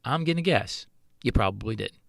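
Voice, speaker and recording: A man's voice: lowish voice, animated, moderate pace, vocal fry, no echo, clean studio sound. A middle-aged man, a chef hosting his own podcast, talking earnestly in a solo monologue full of rhetorical questions.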